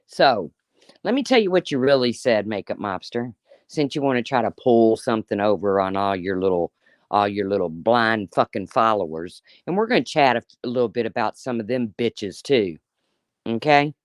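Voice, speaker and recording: A woman's voice: very deep voice, animated, moderate pace, dry recording, clean studio sound. A woman in her fifties giving an angry, profane, sarcastic rant on a live stream. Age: 50s. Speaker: YouTuber.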